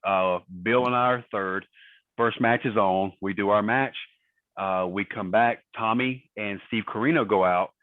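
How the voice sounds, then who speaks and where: A man's voice: fairly low pitch, a little slow, dry recording. Man telling stories over a phone line. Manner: profane, laughing anecdotes. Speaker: podcast guest. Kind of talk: casual storytelling. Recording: tinny phone-line sound.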